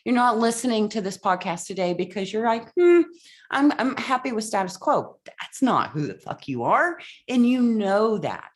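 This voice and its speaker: A woman coach hosting a motivational podcast, blunt and emphatic, swearing freely. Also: low-pitched.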